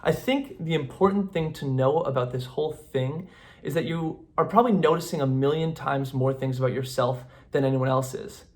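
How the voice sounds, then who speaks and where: This comic monologue to camera comes from a man with a fairly high voice at a moderate pace. As a comedy show host, he rambles sarcastically and acts out both sides of conversations he imagines.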